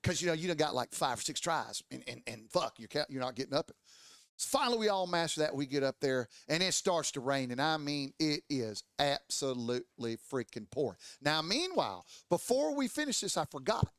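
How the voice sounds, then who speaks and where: Man, casual storytelling, profane, animated, acts out voices, fairly high voice, dry studio sound. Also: brisk, no echo. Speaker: podcast storyteller. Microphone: studio mic.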